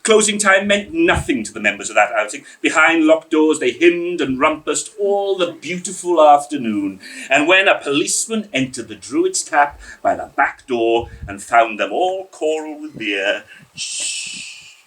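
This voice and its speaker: A man performing a story for a live audience, rhythmic and expressive, savouring every word. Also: on the high side, moderate pace, far from the mic, poor audio. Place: indoor evening storytelling event.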